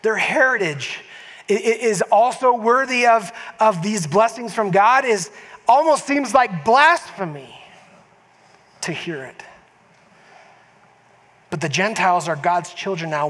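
In a church sanctuary, a pastor preaches in a high, fairly bright voice, keeping a measured pace and pausing often. His delivery is conversational, full of restarts and emphatic asides aimed at the congregation. A long church-hall reverb colors the recording.

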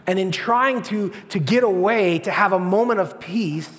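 High-voiced pastor preaching in a church. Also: male voice, normal speed, big-room sound. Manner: animated storytelling, acting out voices. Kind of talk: sermon.

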